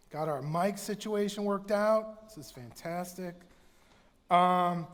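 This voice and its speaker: A man preaching a conversational sermon in a church, telling animated stories and sometimes shouting for effect. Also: extremely high pitch. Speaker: pastor. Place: church sanctuary. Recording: church hall reverb.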